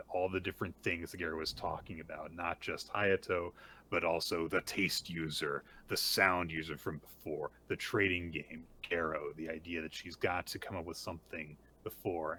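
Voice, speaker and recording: A man casually recapping a manga chapter as a podcast co-host, retelling the story in a lively way. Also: sits low, a little hiss or hum. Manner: animated retelling with small acted quotes.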